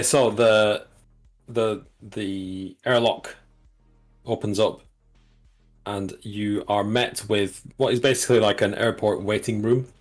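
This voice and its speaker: A man narrating as game master, relaxed and describing scenes with frequent restarts. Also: fairly low pitch.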